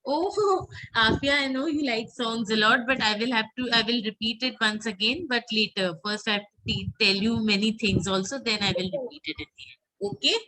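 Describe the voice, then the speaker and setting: A woman teaching an online French class, patiently repeating words slowly so students can drill them. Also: on the high side, lively intonation, pushed and bright, low-quality recording.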